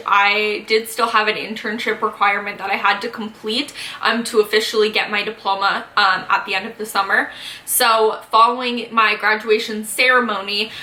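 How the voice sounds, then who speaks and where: A woman's voice: mid-range voice, bright, forceful tone, echoey room. A woman of twenty-two hosting a casual sit-down vlog, chatty and full of "um" and "like", a little out of breath while pregnant. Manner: chatty, filler-heavy, frequent "um" and "like". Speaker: vlogger host.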